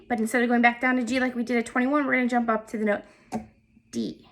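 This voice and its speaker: A woman leads a step-by-step music lesson, calling out note names and counting beats patiently. Her voice sits high and sounds bright and crisp. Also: flat delivery, fast talker. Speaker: music teacher.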